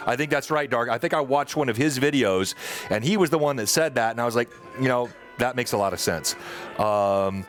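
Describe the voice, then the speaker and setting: Faint music plays behind this man as he hosts a live tabletop gaming show, reading out chat and wandering through his talk with frequent fillers. He's a podcast host and dungeon master with a medium-pitched voice and a fairly quick delivery.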